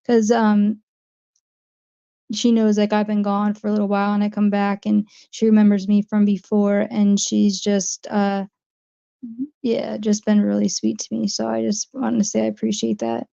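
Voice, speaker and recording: A woman's voice: mid-range voice, monotone, normal speed, creaky, warm tone, clean tone, muffled recording. A woman with a New Jersey accent, chatting casually on her livestream, rambling and answering viewer comments. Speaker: livestream host.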